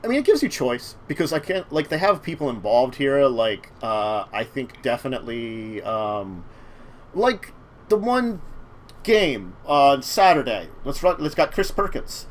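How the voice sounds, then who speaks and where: A man's voice: medium pitch, very animated, measured pace. A man hosting a casual tabletop-gaming talk show, his voice in a middle range. He rambles a little as he thinks aloud, with faint noise behind him. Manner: rambling, many fillers and restarts. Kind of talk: casual chat about tabletop games.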